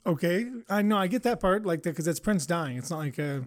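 A man with a somewhat higher voice, chatting loosely on a podcast. He laughs a lot, rambles and gets defensive when teased. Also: brisk. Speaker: podcast co-host. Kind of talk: casual banter.

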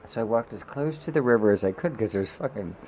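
Guy with a gravelly voice telling a raw heartfelt story on a podcast, swears a lot, kinda dull audio. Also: medium pitch, fast talker, slight background noise. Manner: swears freely, animated and heartfelt. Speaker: guest. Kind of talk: emotional storytelling in a podcast chat.

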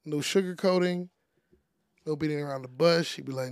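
A young man chats as a guest, loose and conversational, leaning on "like" and "you know" as he talks. His voice sits a touch high for a man. The recording is close and dry, with no room sound. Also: normal speed, clear, resonant tone, no room sound. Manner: relaxed, chatty, heavy use of "like" and "you know". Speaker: podcast guest, DJ. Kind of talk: casual interview conversation.

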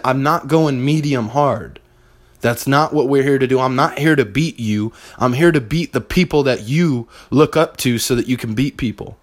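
Blunt, profane young man ranting. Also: mid-range voice. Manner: blunt, profane and fired-up, addressing listeners directly. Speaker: podcast host. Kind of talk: motivational monologue.

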